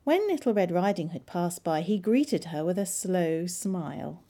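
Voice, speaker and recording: A woman librarian narrating a children's storybook in an expressive, measured way. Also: on the low side.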